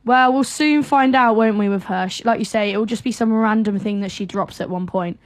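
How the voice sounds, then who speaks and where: A woman's voice: mid-range voice, brisk, no echo. A young woman with a Southern English accent, hosting a radio show in easygoing, casual chat. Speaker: radio host.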